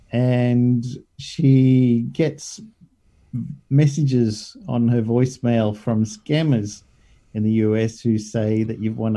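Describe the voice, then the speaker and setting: A man in casual chat, telling funny stories in an animated way and laughing often. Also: medium pitch.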